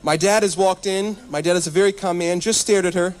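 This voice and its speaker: High-voiced comedian man, animated. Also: a little fast. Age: 30s. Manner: animated, self-deprecating, addresses the crowd directly. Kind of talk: stand-up comedy storytelling. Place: live event at a church.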